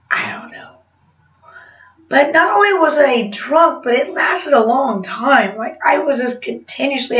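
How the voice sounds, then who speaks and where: A woman's voice: fairly high pitch, fairly bright tone. A woman vlogger telling a rambling confessional story in a chatty way, laughing at herself. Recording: roomy, distant, slightly dull sound.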